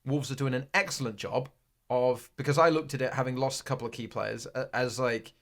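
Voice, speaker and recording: A man's voice: medium pitch, steady tone, brisk, fairly bright tone. A man co-hosting a casual football podcast, rambling through results with restarts and the odd blunt rant. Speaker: podcast co-host.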